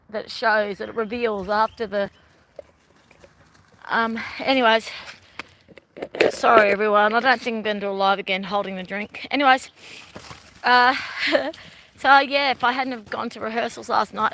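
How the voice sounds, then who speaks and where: This middle-aged Australian woman is live streaming as a vlogger, strolling outside along a river, chatting in a rambling way and often laughing. Her mid-range voice is a bit bright, with slight background noise.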